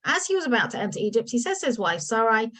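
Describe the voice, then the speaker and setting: A young woman teaching a lesson as a lively storyteller, acting out the characters' lines. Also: on the high side, fast, poor audio. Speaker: Torah teacher.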